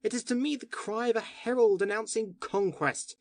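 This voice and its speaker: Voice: medium pitch, very animated, unhurried, no echo. A reader voicing a passionate male poet who argues with fervent oratory, in audiobook dialogue. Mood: impassioned. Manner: impassioned, oratorical arguing.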